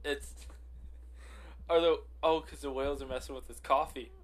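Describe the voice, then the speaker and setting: A man co-hosting a casual podcast, telling an improvised story with giggles and halting starts. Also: mid-range voice, fairly even intonation. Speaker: podcast co-host.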